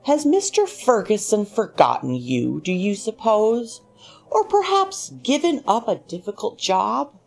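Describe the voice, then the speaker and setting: A woman's voice: mid-range voice, big pitch swings, unhurried, creaky, a little mellow, exaggerated voice. A woman reading a husband's lines, a middle-aged man with an irritable, needling way of talking. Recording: faint music underneath.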